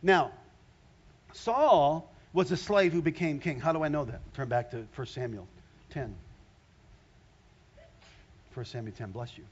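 A man's voice: fairly high pitch, measured pace, long pauses, breathy edge, lo-fi sound. Older man preaching, conversational and emphatic. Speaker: pastor. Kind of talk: sermon.

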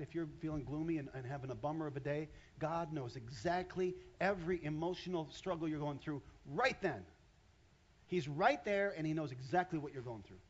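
A man's voice: on the high side, lo-fi sound, slight background noise. A man in his fifties preaching a conversational sermon from a church stage, acting out voices as he talks. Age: 50s.

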